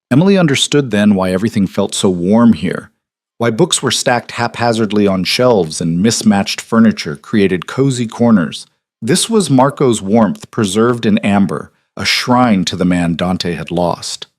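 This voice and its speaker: A man narrating a romance audiobook in a calm, measured way. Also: on the low side, no room sound, studio quality.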